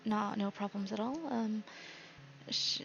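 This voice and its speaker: A woman voicing a mysterious female patron spirit who answers hesitantly, with many pauses and fillers, in a slightly dull lo-fi recording. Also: mid-range voice, level tone, gravelly, a bit bright, faint music behind. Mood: evasive.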